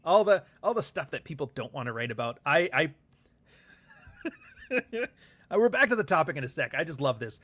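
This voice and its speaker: An author hosts a casual livestream chat in a high-leaning, sing-song, slightly bright voice. He speaks at normal speed but pauses often, rambling and swearing, reading viewer comments aloud and laughing frequently.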